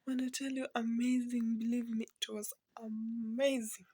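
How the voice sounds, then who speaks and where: Soft-spoken woman, close and dry. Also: on the high side, level tone, normal speed, breathy edge, no room sound. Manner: soft-spoken, often near a whisper, mixing Swahili into English. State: emotional, near tears. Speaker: vlogger, mother. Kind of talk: casual vlog talk to camera.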